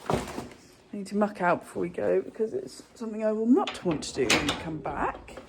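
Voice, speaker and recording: A woman's voice: medium pitch, lively intonation, moderate pace, creaky, background noise. A young woman chatting casually to camera in a stable yard, cooing to her horses between remarks. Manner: talks softly, coos to her horses. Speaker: equestrian vlogger. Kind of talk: casual vlog chat.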